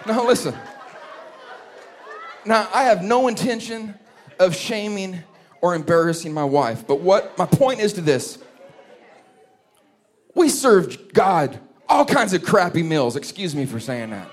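A pastor preaching a sermon, telling a funny story in an animated way. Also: male voice, high-pitched, unhurried, pauses often, some chatter behind.

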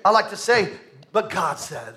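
A male pastor preaching a sermon, shouting his declarations and calling on the congregation to answer back. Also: sits high, sing-song, measured pace. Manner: shouting, swinging between loud declarations and quiet asides; calls to the congregation for responses.

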